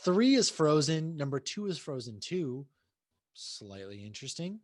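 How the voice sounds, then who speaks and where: A man's voice: fairly high pitch, big pitch swings, unhurried, no room sound. A man in his thirties co-hosting a podcast, chatting casually at home and ranting with swearing. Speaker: podcast co-host. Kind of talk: casual chat.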